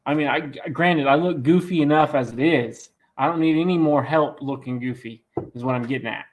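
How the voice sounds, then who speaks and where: A raspy-voiced man hosting a casual live stream, joking and teasing in a rambling way. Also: fairly high pitch, brisk. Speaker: host of a farm channel live stream.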